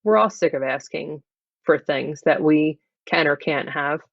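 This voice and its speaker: A performer doing an improvised in-character interview in a flat, deadpan way. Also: medium pitch, measured pace, vocal fry, no echo. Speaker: improv comedy guest. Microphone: video call. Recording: dull lo-fi video call audio.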